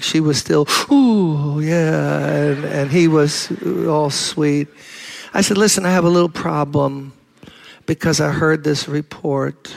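A man's voice: fairly high pitch, creaky. An older man preaching a sermon, telling a story animatedly, acting out the dialogue and rising to fervent intensity. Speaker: pastor.

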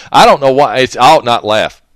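A man's voice: medium pitch, a bit bright, dry recording, studio quality. Rambling folksy male radio host. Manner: rambling and folksy, chuckling to himself. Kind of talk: casual radio talk.

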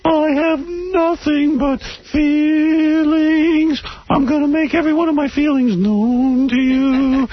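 A man's voice: very high-pitched, steady tone, slow pace, few pauses, dull audio, voice pushed up. A man mimicking a gushing, nasal woman who pours out her feelings, heard over radio.

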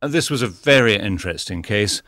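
A calm, clever male detective in a storybook reading. He speaks in a measured, explanatory way, in a lowish voice. The sound is dry and close to the mic. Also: no echo. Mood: explaining. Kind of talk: audiobook character reading.

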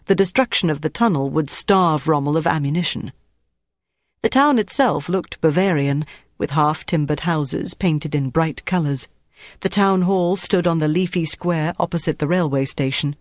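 An audiobook narrator reading a novel in a steady, even storytelling voice. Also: medium pitch, moderate pace, no room sound, studio quality. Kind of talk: scripted narration.

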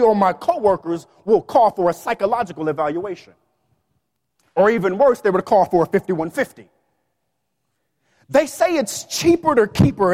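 A man preaching a sermon in a lively, playful way, with quick asides and bits of song. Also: sits high, in a large hall. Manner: animated preaching with playful asides and sung snippets.

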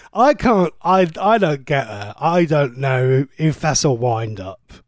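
A man's voice: on the high side, very animated, takes it slowly, dry recording, studio quality. A man presenting a radio show, chatting casually and cheekily, rambling and stumbling over his words as he reads out listener messages. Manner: chatty, cheeky and rambling, with frequent stammered restarts. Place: radio studio.

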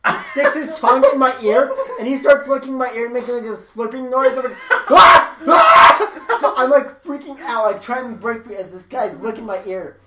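A young man telling a story among friends in casual chat, animated and laughing as he talks. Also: very high voice, brisk. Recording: roomy, distant mic, crowd noise.

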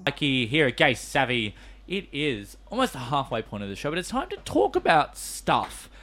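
A man with an Australian accent hosting a casual radio talk show, animated and camp. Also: mid-range voice, normal speed, soft background music.

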